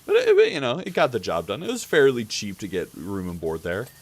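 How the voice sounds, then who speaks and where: A man's voice: on the low side, huge pitch swings, fairly quick. A man streaming live, telling a story in a rambling, casual way, with lots of fillers and swearing.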